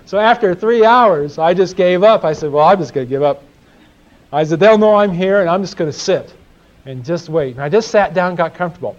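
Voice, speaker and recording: A man's voice: high voice, expressive, a little fast. A man teaching a sermon, telling folksy stories and asking his audience questions. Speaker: Bible teacher. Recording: dull lo-fi live recording.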